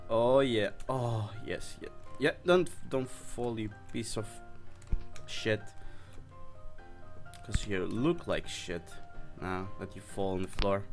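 Excitable swearing man with lively pitch. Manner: excitable, swearing, lots of squeals and laughter. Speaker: gaming channel host. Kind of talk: casual let's play commentary.

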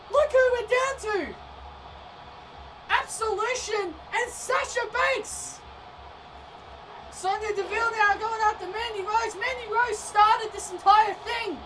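A woman doing excitable play-by-play wrestling commentary over a video game, often shouting and tripping over her words. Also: very high-pitched, slow, pauses often. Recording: distant mic with noisy background.

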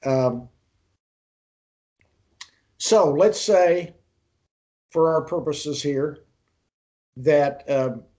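A man with a fairly high speaking voice leads an online Bible interpretation lesson. He retells the story at an easy pace, pausing and restarting his sentences, then turns to ask his students for their ideas. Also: warm tone. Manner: unhurried storytelling, pauses and restarts mid-sentence; poses questions to the class. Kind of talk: online class lecture.

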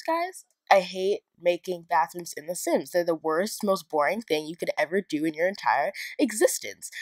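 A woman's voice: lowish voice, no room sound. Rambling, self-mocking young woman. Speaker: video game builder and YouTuber. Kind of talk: casual narrated build tour.

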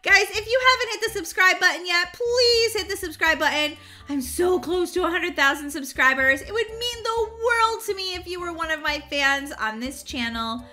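Bubbly high-voiced woman gamer. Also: animated, moderate pace, hardly any pauses, sharp tone, faint music behind. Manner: bubbly, squealing sound effects. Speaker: gaming channel host. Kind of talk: excited Roblox gameplay commentary.

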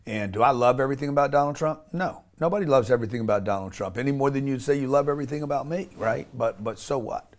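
A man's voice: medium pitch, fast talker, few pauses. A man speaking as an interview guest, blunt and emphatic, often restarting and swearing casually.

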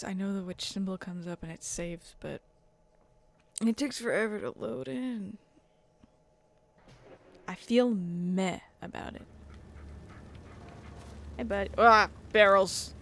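A woman's voice: mid-range voice, creaky, a bit bright. A woman hosting her gaming channel, chatting casually as she plays and sometimes swearing at the game. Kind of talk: let's play commentary.

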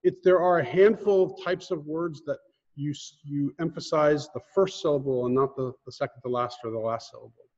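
A man's voice: a little high, darkish tone. A man teaching Hebrew prayers in an online lesson, patiently explaining how the words are said and chanting the prayer lines. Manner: patient, explains pronunciation slowly. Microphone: screen-sharing video call. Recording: dull lo-fi audio with long reverb.

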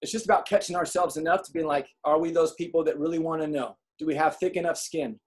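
A man giving a motivational talk to an audience, telling comic stories and acting out quotes in an animated way. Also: a little high, quick pace, husky. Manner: animated storyteller, acts out quotes. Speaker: speaker.

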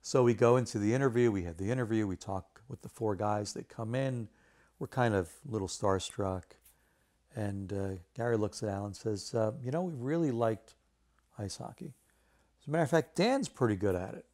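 A man, a video game artist telling a lively story in a casual interview, acting out the voices of the people in it. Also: on the low side, normal speed. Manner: animated anecdote telling with quoted voices.

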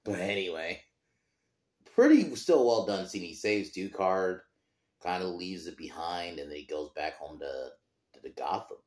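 A man with an extremely low, deep voice talks casually through a film review, swearing freely and often losing his thread before restarting. The sound has a roomy echo around it, as if recorded in an open room. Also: animated, a little slow, a little mellow. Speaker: podcast host.

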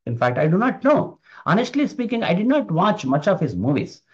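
A man's voice: high-pitched, very animated, fairly quick. A man giving an emphatic motivational talk, repeating his key phrases. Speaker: motivational speaker. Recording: dull lo-fi recording.

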